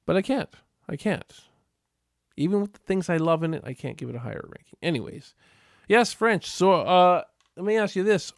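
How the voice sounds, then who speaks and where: Chatting with his viewers, the Western Canadian livestream host rambles casually, laughs a lot, and responds to the chat. His voice is mid-range, and the studio-quality audio has no echo.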